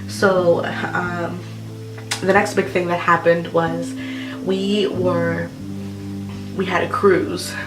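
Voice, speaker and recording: A woman's voice: lowish voice, level tone, takes it slowly, long pauses, distant mic. A young woman vlogger telling a personal story in a rambling way, full of fillers like "like" and "um". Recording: roomy echo with music behind.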